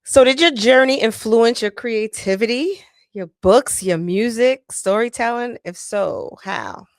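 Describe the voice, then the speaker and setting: A woman hosting an interview podcast, asking questions and softly affirming her guest. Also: fairly high pitch, animated, a little slow, no room sound, clean studio sound. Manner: soft supportive backchannels. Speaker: podcast host. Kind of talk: interview host.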